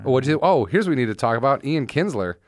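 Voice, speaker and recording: A man's voice: mid-range voice, very animated, fast, slight background noise. A man co-hosting a podcast in casual chat, laughing often, swearing and acting out the voices of people he quotes. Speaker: podcast co-host.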